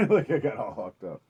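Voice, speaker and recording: A man's voice: fairly high pitch, darkish tone, husky. A man playing a tabletop game, joking and laughing often as he talks. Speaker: player. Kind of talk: casual tabletop play.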